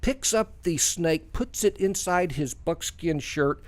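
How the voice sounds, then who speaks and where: A man's voice: on the high side, expressive, slow pace. A man from Texas co-hosting a community radio show, telling folksy stories in a rambling, self-deprecating way with many fillers. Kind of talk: casual radio chat and storytelling.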